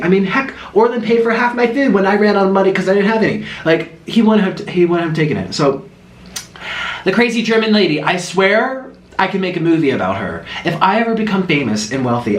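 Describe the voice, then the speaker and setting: A young man tells a story with big animated swings, his voice riding high and breaking into laughter as he eats. The room around him is echoey. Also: fairly quick. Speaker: vlogger. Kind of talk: storytime while eating.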